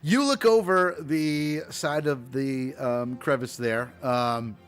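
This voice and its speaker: A man's voice: mid-range voice, slow, fairly bright tone, clear, resonant tone, soft background music. A man running a tabletop game, telling stories in a rambling way with lots of fillers and laughs. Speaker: game master. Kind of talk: casual chat and game narration.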